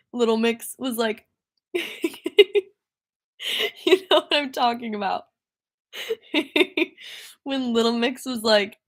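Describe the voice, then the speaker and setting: Slow-talking, rambling young woman singer. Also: on the high side, fairly bright tone. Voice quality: rambling, easily distracted, laughing often. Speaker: singer-songwriter. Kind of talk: casual livestream chat.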